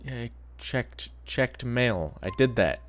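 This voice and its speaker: A man's voice: medium pitch, lively intonation, slow. A man streaming a game, giving crude, joking commentary and swearing often. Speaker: gaming streamer. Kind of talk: casual gameplay commentary.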